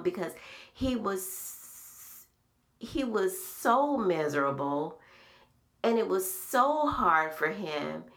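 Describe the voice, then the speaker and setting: A middle-aged woman hosting a podcast, telling personal memories in a slow, soft-spoken, reflective way. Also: medium pitch, vocal fry. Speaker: podcast host. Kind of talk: casual heartfelt conversation.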